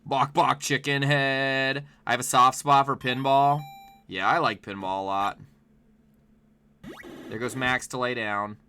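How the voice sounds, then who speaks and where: A man streaming live gameplay, chatting to viewers and yelping and shouting at the game. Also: medium pitch, unhurried, long pauses, smooth. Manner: excitable, yelps and shouts at the game; chats to viewers between plays. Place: home, with his dog in the room.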